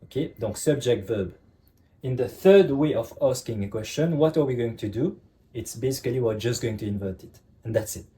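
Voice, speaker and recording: A man's voice: mid-range voice, lively intonation, normal speed, dark tone. A man teaching a French lesson in English, explaining step by step and checking in with "okay?" all the time. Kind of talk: online language lesson.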